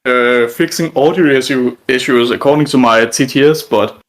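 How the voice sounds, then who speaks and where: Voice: medium pitch, normal speed. A player chatting casually, often stammering and restarting. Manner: stammering, animated. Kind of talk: casual chat.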